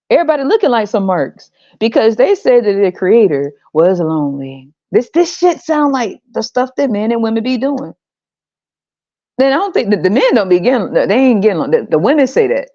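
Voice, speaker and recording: A woman's voice: very animated, moderate pace, dark tone, no room sound. Profane, mocking American woman podcaster. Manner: profane, mocking, laughs often, mimics people in a high voice. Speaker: podcast host. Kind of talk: casual monologue rant. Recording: dull lo-fi sound.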